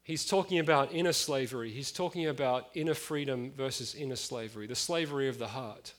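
A man's voice: medium pitch, a bit bright. A man in his late thirties preaching a conversational sermon, with frequent fillers and chatty asides.

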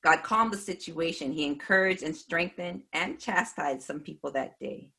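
A woman earnestly recounting a personal faith testimony in a measured way. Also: sits low, animated, gravelly, bright, forceful tone, husky. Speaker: speaker giving a faith testimony.

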